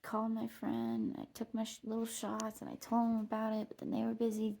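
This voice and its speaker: A woman's voice: on the high side, fairly even intonation, brisk, creaky, dark tone. A woman vlogging outdoors on a trail, telling a meandering personal story, swearing and laughing at herself.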